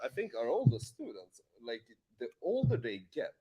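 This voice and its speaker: Male dating-coach co-host, mid pitch, casual and profane. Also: wildly swooping pitch, moderate pace, mellow, breathy edge. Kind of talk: casual podcast chat.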